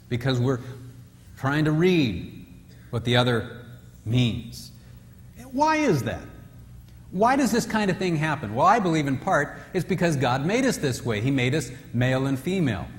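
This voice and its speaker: A man giving a humorous talk on marriage at a retreat, acting out husbands and wives in raised voices. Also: medium pitch. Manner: joking, acts out quoted spouses in raised voices. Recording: distant reverberant hall with faint ambience.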